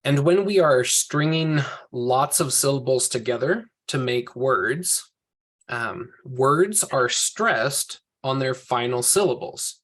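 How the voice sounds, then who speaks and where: Man, teacher, video call class, patient, explanatory, mid-pitched. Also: expressive, takes it slowly, a bit bright. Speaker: Hebrew teacher. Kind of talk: online class lecture.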